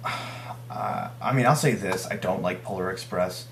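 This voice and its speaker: A very low-voiced man gives blunt opinions in a casual chat. The room rings around him, and a faint hum runs underneath. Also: normal speed, a bit bright, echoey room.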